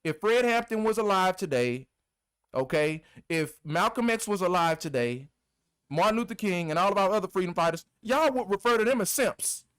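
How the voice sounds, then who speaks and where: A man's voice: high-pitched, expressive, normal speed, a bit bright, smooth, no echo, studio quality. Impassioned man ranting to camera. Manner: heated, repetitive, scolding. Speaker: video host. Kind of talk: impassioned commentary rant.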